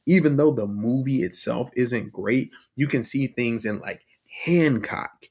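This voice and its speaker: A man hosting a podcast in casual chat, talking in an animated, emphatic, argumentative way. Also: mid-range voice, a little slow. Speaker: podcast host.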